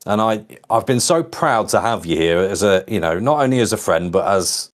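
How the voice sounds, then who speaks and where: A man's voice: lowish voice, lively intonation, normal speed. A man, co-founder and host, chatting casually and rambling with plenty of "you know". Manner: rambling, warm-hearted, lots of "you know". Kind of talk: casual livestream chat.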